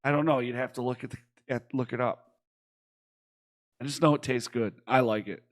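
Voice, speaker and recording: A young man from Michigan co-hosting a casual podcast, rambling excitedly and swearing freely. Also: mid-range voice, moderate pace. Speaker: podcast co-host. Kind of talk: casual chat.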